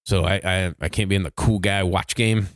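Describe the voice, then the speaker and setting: A middle-aged man with a low voice trades wry, deadpan jokes in relaxed conversation. His sound is close and dry, with no room echo. He stays laid-back and unhurried even as the jokes get crude. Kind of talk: casual chat.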